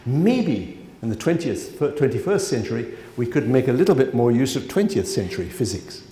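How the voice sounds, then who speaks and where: A man's voice: medium pitch, big pitch swings, moderate pace, warm tone. Man lecturing in an echoey hall. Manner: conversational, digressive, frequent asides and fillers. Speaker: economics professor giving a lecture. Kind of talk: conference lecture. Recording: roomy lecture hall reverb.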